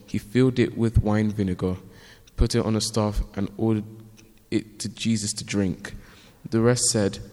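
A man reading a Bible passage aloud, steady with small slips. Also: lowish voice. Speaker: scripture reader. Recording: long hall reverb.

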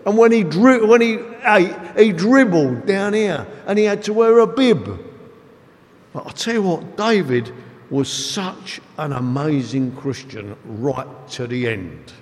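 A man preaching a sermon, telling stories in an animated, emphatic way. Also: high voice, measured pace. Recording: echoey hall with long reverb.

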